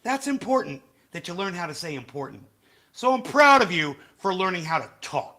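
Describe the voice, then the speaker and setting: Angry streamer guy, high sharp voice, swears nonstop. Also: very animated, fairly quick. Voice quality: profane, angry, shouting insults. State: has facial palsy flare-up. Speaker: livestream host. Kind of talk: ranting live commentary.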